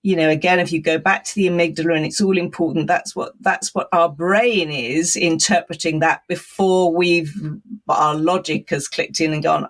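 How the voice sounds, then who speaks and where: A woman's voice: lowish voice, fairly even intonation, normal speed. A woman being interviewed as an expert guest on a podcast, explaining things in a thoughtful, conversational way with frequent laughs.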